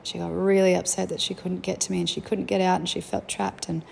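This young mother's voice is low and creaky, moving fairly quickly with a flat delivery. She tells candid, reflective family stories in a relaxed, chatty manner, with a little background noise present.

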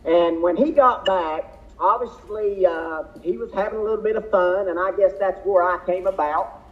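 A man, a drag racer, telling racing stories in a folksy, rambling way as an interview guest. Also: sits high. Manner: folksy, drawn-out storytelling with fillers. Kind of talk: casual storytelling interview. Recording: tinny phone-like line.

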